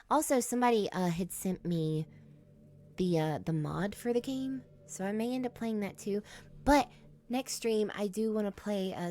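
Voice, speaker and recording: A woman's voice: mid-range voice, moderate pace. A woman streamer chatting casually while playing a game, easily startled and laughing often.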